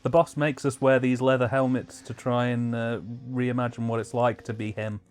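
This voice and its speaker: A man's voice: medium pitch, level tone, moderate pace, clear, resonant tone. A man co-hosting a casual film commentary, delivering dry, wry quips.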